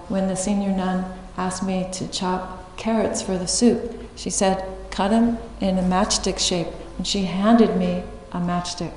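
A woman giving a dharma talk as a meditation teacher, telling a story in a reflective, unhurried way and laughing often. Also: lowish voice, a little mellow, a little hiss or hum. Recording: echoey hall with faint ambience.

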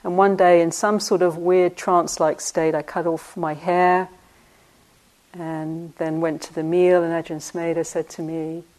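Older woman teaching, telling stories and laughing a lot, lowish voice. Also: little pitch movement, measured pace. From United Kingdom. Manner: anecdotal, often laughing, soft asides. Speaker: meditation teacher. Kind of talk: reflective storytelling talk.

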